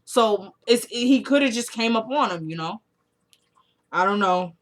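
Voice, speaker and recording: A young woman casually recapping a TV episode, retelling the scenes by quoting the characters and getting loud and excited at the twists. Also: fairly high pitch, measured pace. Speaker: TV recap vlogger.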